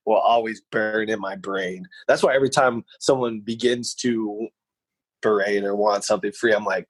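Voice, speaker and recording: A man's voice: fairly low pitch, steady tone, moderate pace, slightly rough, no echo, poor audio. A man co-hosting a podcast, telling stories in a casual chat, rambling and repeating words as he goes. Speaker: podcast co-host.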